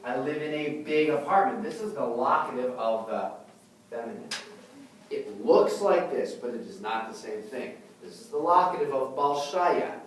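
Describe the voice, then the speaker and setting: A man teaches a language class, explaining patiently and checking in with his students often. His medium-pitched voice is captured by a far-off camera in a very echoey room, with slight background noise.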